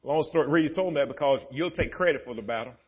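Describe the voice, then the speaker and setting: A male pastor preaching a sermon in a church sanctuary, moving between easy storytelling and shouted, laughing exhortation. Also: on the high side, fast talker, slightly rough, lo-fi sound.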